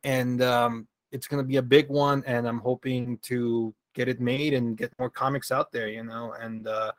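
A man's voice: medium pitch, moderate pace, no echo. Laughing Venezuelan man, swears freely. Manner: relaxed, hesitant, laughs often, swears freely. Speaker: guest, comic creator. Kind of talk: casual interview chat.

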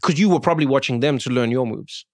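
A man with a South African accent, a podcast guest in casual chat who is animated and slips into impressions. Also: mid-range voice, fast, no room sound, clean studio sound.

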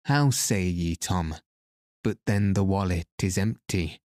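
A man reading aloud as a gruff, short-tempered ship's skipper who speaks curtly. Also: low voice, slow, darkish tone, no echo, studio quality. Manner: gruff, curt.

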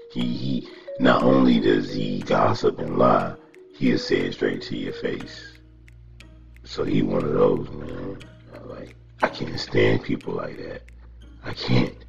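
A man telling animated stories in a casual podcast monologue, cursing often and laughing as he rants. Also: a bass voice, gravelly, lo-fi sound.

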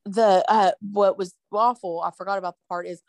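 A woman chats on a podcast, tired and yawning, and tells her story with lots of likes and ums. Her voice sits at a middle pitch and comes through dry and close. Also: steady tone, moderate pace, no room sound. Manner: chatty storyteller with fillers. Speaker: podcast co-host. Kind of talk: casual chat.

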